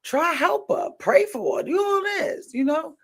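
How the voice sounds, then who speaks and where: A woman hosting a podcast in casual chat, emphatic, repeating phrases for stress and swinging between loud and soft. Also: extremely high pitch, expressive, a little slow, creaky. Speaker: podcast host.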